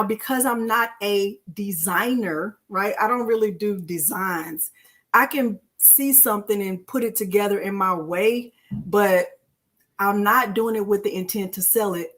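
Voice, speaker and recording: A middle-aged woman, hosting a casual live-stream crafting tutorial and talking to viewers in a chatty, warm-hearted way. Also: mid-range voice. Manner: chatty and emotional, addresses viewers as y'all.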